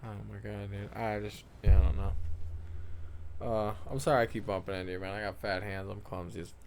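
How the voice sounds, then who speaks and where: A man's voice: fairly low pitch, steady tone, fairly quick, a little mellow, a little hiss or hum. A young man who rambles and swears a lot, talking casually over gameplay footage and trailing off often. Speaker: gaming vlogger.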